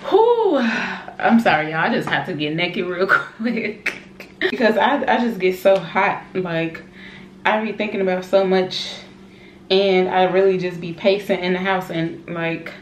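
Woman, young mom, excitable chatty vlog talk, camera nearby at home, slightly low voice. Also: measured pace. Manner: chatty and excitable, addresses viewers as y'all, many fillers. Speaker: vlogger, mother of an infant. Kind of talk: casual vlog chat to camera. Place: at home, indoors. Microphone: camera set up nearby, moved during talk. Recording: roomy home room with faint background noise.

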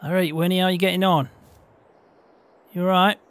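A man hosting a farming-game roleplay, laughing easily and gently coaxing a horse. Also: high voice, fairly even intonation, moderate pace. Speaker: roleplay gamer and host.

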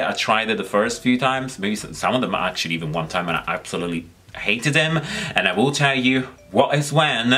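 A man's voice: mid-range voice, pushed and bright. A man hosting his own makeup channel, chatting casually to the camera in a giggly, rambling way with lots of fillers. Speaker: makeup vlogger, channel host.

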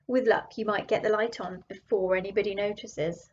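A woman voicing a hearty male coastguard who calls out loudly and reassuringly, in a dull lo-fi recording. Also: medium pitch, fairly even intonation, moderate pace, recorded from a distance, a little hiss or hum, voice pushed down, natural voice.

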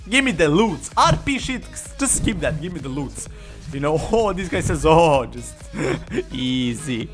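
His voice sits high with a sharp tone as this gamer brags and swears through his gameplay commentary, mocking opponents and laughing often over faint background music.

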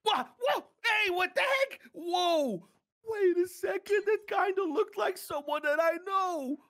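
A frantic young Minecraft player who keeps yelling and whining in a high, strained voice as he panics, voiced by a woman. He sounds naive and easily scared, with sharp bursts of shouting. The delivery is a scripted gameplay performance. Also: animated, unhurried, heavily acted. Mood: panicky. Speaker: Minecraft player character being pranked.

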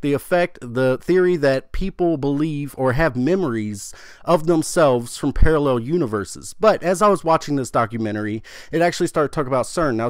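Excitable, swearing young man on a dry mic. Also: medium pitch, no room sound. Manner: excitable, swears freely, rambling and self-interrupting. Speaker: gaming channel host. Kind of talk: casual video commentary on a game storyline.

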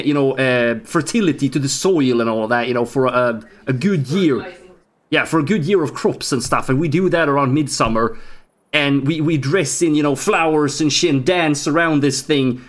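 A man with a Swedish accent, doing joking, excitable let's play commentary with loud outbursts and swearing. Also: a little high, moderate pace. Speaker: gaming streamer.

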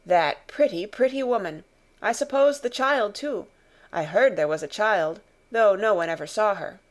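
A woman's voice: mid-range voice, normal speed, natural voice. A woman reading a dismayed man in mourning. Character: grieving man searching an empty house. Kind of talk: audiobook character reading.

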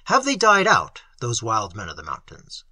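A reader voicing a hoarse, inquiring young tutor. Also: medium pitch, wildly swooping pitch, normal speed, bright, forceful tone, dry recording, pitched below the performer's own voice, full character voice. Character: younger male tutor, tactful and curious.

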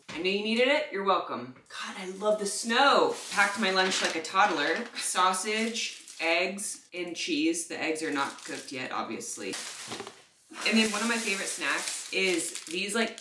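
A woman's voice: fairly low pitch, background noise. A young adult woman vlogging at home, chatty and self-mocking, rambling with bubbly energy. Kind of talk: casual vlog monologue. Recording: echoey room with faint music.

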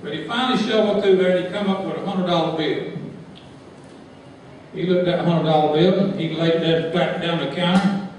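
A man telling a folksy story to a live crowd, animated and laughing as he goes. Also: a little high, fairly quick, slight background noise. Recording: echoey hall from far off.

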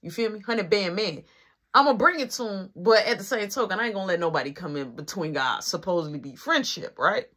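Bright-voiced man telling a story. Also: sits high, fairly quick. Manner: animated storytelling, slangy, keeps checking in with the listener. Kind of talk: casual storytime vlog.

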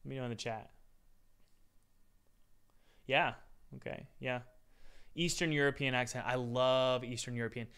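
A man's voice: medium pitch, steady tone, moderate pace, pauses often, a bit bright, smooth. A man hosting a live-stream Q&A, chatty and upbeat, calling his viewers guys. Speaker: game dev course host answering live chat.

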